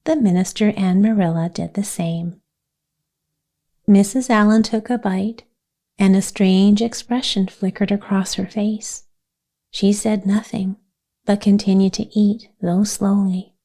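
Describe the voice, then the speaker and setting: Woman reading a cozy bedtime story, soft even voice, mellow and dark-ish. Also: mid-range voice, a little slow. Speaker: audiobook narrator. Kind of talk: calm sleep story narration.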